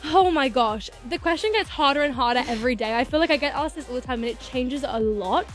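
A woman's voice: high voice, lively intonation, fast, soft background music. A young woman, a singer chatting as a guest in a studio interview, bubbly and gushing. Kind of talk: casual interview chat.

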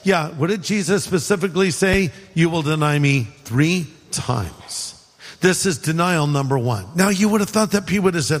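A man's voice: fairly high pitch, lively intonation, normal speed, in a large hall. A man from California preaching a sermon in a conversational way, with humorous asides. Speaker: pastor.

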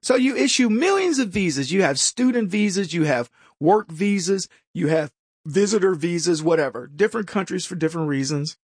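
A man's voice: sits high, expressive, normal speed, breathy edge, dry recording, clean studio sound. A man hosting a political talk show, sarcastic and mocking, who stumbles and restarts and laughs at his own jokes. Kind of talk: opinionated commentary monologue.

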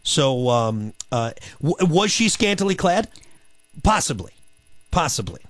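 A man co-hosting a radio show, telling a story in casual comedic banter, halting and full of fillers and restarts. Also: medium pitch, very animated, dry recording.

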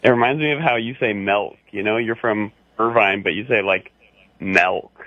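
A man's voice: fairly low pitch, brisk, no echo. A man from Orange County calling a radio show, ribbing the host in a chatty way with lots of "you know". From Orange County, California. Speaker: caller. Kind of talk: needling call-in banter. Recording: phone line, dry.

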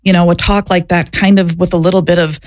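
A woman's voice: fairly low pitch, flat delivery, fast talker, no room sound, clean studio sound. A woman and former social worker answering interview questions, telling her story in an earnest, reflective way. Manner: earnest, reflective, searching for words.

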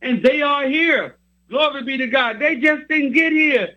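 A man's voice: extremely high pitch, unhurried, muffled recording. A man preaching a sermon, reading scripture and repeating his points with emphasis.

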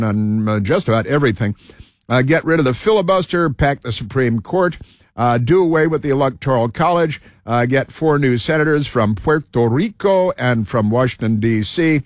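A man's voice: medium pitch, dry recording. Rambling male talk show host, dry sound. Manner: digressive, stumbling, repeats himself with many fillers. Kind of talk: rambling opinion monologue.

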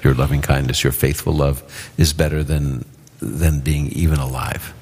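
A man's voice: a bass voice, fairly even intonation, moderate pace, darkish tone, slightly rough, in a large hall. A man answering live Bible questions on a radio show, plain-spoken and explaining simply. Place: live event with audience.

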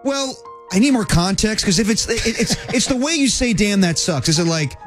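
A man's voice: high voice, a little fast, faint music behind. A man co-hosting a sports radio show, joking and teasing in casual banter. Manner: lively, jokey, teasing. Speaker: radio co-host.

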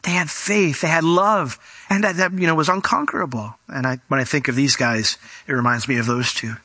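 A man's voice: fairly high pitch, a little fast, husky, dry recording. A man preaching a conversational sermon, acting out scenes as he retells stories. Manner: conversational, animated, acts out scenes. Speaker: pastor. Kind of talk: sermon with storytelling.

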